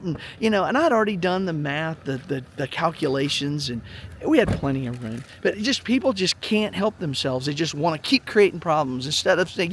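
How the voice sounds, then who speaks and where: A man's voice: on the high side, animated, brisk, slight background noise. A middle-aged man telling a story in a blunt, profane, heated rant to his viewers. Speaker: vlog host. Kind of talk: blunt ranting monologue.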